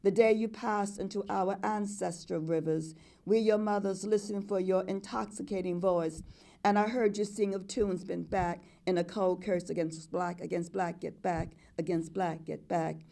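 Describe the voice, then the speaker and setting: A woman's voice: on the low side, fairly even intonation, normal speed, gravelly, mellow. An older woman performing spoken-word poetry in a rhythmic, incantatory way, chanting repeated refrains. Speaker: poet.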